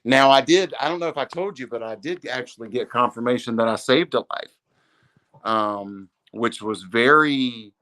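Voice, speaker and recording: Medium-pitched and moderately paced, this podcast guest's voice sounds pushed and bright. He earnestly shares a personal story in casual speech full of "dude" and "man," sometimes choking up as the conversation turns emotional.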